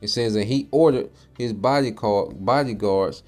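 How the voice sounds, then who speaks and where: Low-pitched male preacher, street-casual delivery of scripture with faint music behind. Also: moderate pace, hardly any pauses, a little mellow. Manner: slangy, conversational, frequent check-ins. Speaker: Bible teacher. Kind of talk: casual sermon with scripture reading.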